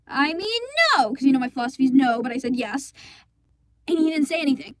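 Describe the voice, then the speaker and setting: A woman's voice: high voice, fast, no room sound, studio quality, natural voice. A woman voicing an indignant teenage girl who rambles through a story, exasperated and swearing freely, for a fan comic dub. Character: indignant teenage girl recounting a school play disaster.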